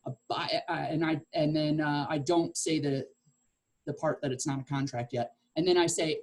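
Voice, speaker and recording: A woman leads a real estate sales class with a slightly low voice. She talks in a chatty, hands-on way, acting out the lines she says to clients. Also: normal speed, darkish tone, rough recording. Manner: chatty, acts out client conversations. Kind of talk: teaching a class.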